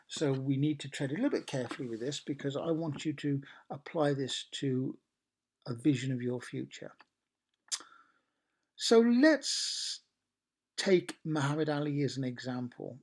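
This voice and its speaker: A man's voice: mid-range voice, a little mellow. A man coaching a training session, working through ideas in lists and asking the group questions. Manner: questioning, listing with many pauses.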